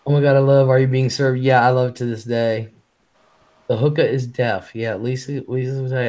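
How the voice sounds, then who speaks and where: A blunt man hosting a live stream in casual chat. He talks fast and swears freely, and his voice sits at a middling pitch. He reads chat messages out between his own remarks. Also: fairly even intonation, darkish tone.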